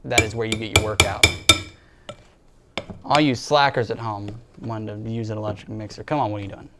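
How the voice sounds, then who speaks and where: A young man co-hosting a casual student cooking show, making joking, deadpan asides. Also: on the low side, brisk, noisy background. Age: young adult.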